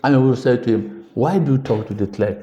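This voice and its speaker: Older man, mellow voice, earnest and measured storyteller, roomy echo. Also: medium pitch, dull audio. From South Africa. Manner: earnest, measured, slows for emphasis. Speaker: interview guest, veteran politician. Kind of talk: reflective storytelling in a podcast interview.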